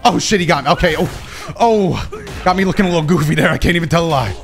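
A man streaming a fighting game, commenting live and swinging between low mumbles and excited shouts. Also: quick pace. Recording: game music underneath.

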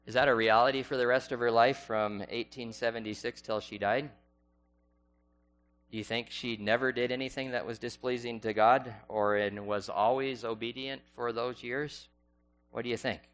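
A man's voice: medium pitch, steady tone, a bit bright, clean tone, faint music behind. Man preaching, quizzing his congregation. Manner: asks the congregation rhetorical questions; reads scripture and quotations aloud slowly. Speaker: pastor. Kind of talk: sermon.

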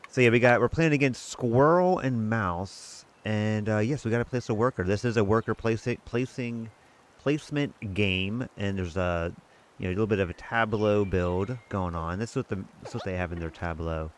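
Chatty low-voiced man hosting a game playthrough. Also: moderate pace, slight background noise. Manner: chatty, rambling, self-amused. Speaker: gaming channel host. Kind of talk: casual let's-play commentary.

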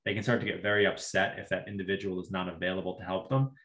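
A man with a fairly low voice speaks thoughtfully as a podcast guest. He pauses and restarts his sentences often while he works out an idea. His voice carries a noticeable echo from the room. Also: level tone, fairly bright tone. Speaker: social worker guest. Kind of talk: casual podcast conversation.

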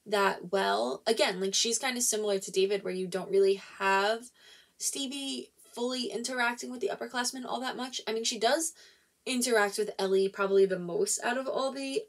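A woman's voice: a little high, moderate pace. A woman giving a casual spoiler-filled book review, rambling and thinking aloud, filling nearly every phrase with "like" and often restarting her sentences.

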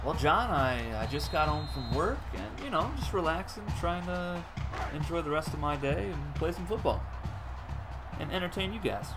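Male gaming streamer, lively and animated, loud music in the background. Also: on the high side, moderate pace. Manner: excitable, laughs often, breaks into shouting on big plays; chats with viewers. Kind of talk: live gameplay commentary.

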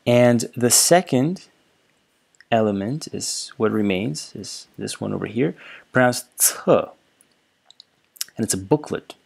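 A man explaining written characters in a relaxed lecture over slides, with frequent fillers and repeated words. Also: medium pitch, slow, creaky, pauses often, breathy edge. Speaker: language teacher.

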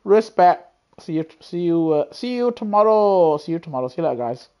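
Excitable male sim-racing streamer. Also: sits high, brisk, muffled recording. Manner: excitable, loud frustrated outbursts, chats to viewers. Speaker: live gaming streamer. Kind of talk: live sim-racing commentary. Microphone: gaming headset.

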